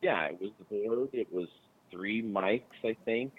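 A man's voice: fairly low pitch, measured pace, breathy edge. An older man calling in by phone as a guest, answering in brief, hesitant bits. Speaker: guest on phone, host's dad. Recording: tinny phone line.

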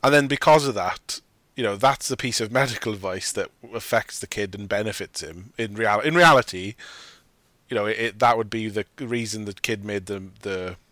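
A man's voice: lowish voice, normal speed, fairly bright tone, no room sound. A man hosting a casual film discussion, rambling and often correcting himself as he argues his opinions. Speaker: podcast host.

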